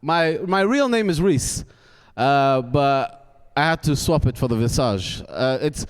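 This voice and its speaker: A man's voice: mid-range voice, lively intonation, measured pace, clear, resonant tone, long reverb tail. A young man from Wales doing a stand-up comedy set on a theatre stage, ranting in a cantankerous way with stammered restarts and questions to the crowd. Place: theatre stage before a live audience.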